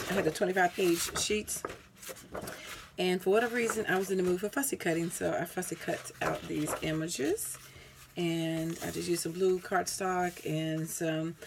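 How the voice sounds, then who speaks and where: A woman with a low, gravelly voice rambles through a casual craft show-and-tell, often stopping to correct herself. She sounds tired, and a faint hiss sits under the home recording. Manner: rambling, self-correcting, many ums. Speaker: craft vlogger.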